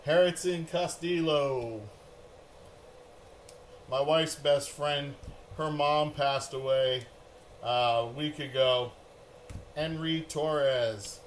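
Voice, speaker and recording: Upbeat middle-aged male host, rambling live-stream chat, unhurried delivery, faint background noise. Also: mid-range voice. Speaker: card break host.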